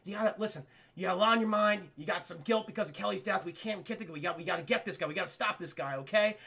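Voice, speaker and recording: A man voicing a pushy male prosecutor who brushes off doubts, talking low and quiet. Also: very fast, gravelly, slightly rough, full character voice. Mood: dismissive.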